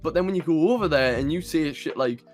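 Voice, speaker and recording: A man's voice: on the high side, fast, faint music behind. Chatty Geordie man, swearing freely. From North East England. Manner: rambling, swears freely, many fillers and restarts. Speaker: podcast co-host. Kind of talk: casual chat.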